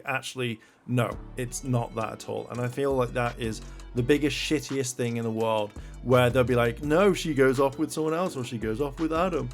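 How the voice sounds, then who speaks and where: A man reviewing a show in a blunt, rambling rant full of swearing. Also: mid-range voice.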